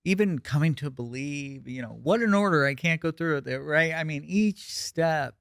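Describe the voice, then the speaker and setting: Male podcast co-host, gravelly and resonant, reflective delivery. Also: a little high, moderate pace, a bit bright, no room sound, clean studio sound. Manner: reflective, hesitant with fillers. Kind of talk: casual recovery podcast talk.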